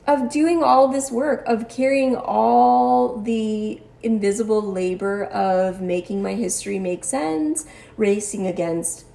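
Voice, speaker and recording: In a mid-range voice with vocal fry and a dark tone, a woman shares her experience of being a cancer patient. She speaks articulately and precisely in a personal monologue, carrying a wry, exasperated edge.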